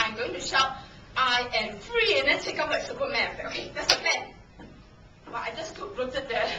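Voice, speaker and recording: A woman's voice: very high-pitched, bright, forceful tone. A woman in her thirties giving a dramatic storytelling speech at a contest, acting out scenes with shrieks and laughter. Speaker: contest speaker. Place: meeting hall. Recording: echoey hall, distant camera, noisy.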